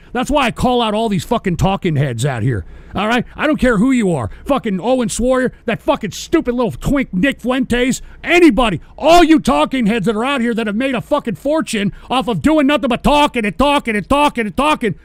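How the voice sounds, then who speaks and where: A man's voice: very high-pitched, gravelly, no echo. A man hosting a live-streamed political show, ranting and berating his listeners with constant profanity. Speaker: host.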